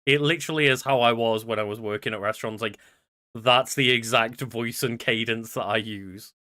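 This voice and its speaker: Bright, smooth-voiced podcast co-host man. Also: medium pitch, moderate pace. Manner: chatty, reads promo plugs in a customer-service cadence. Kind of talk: casual podcast chat.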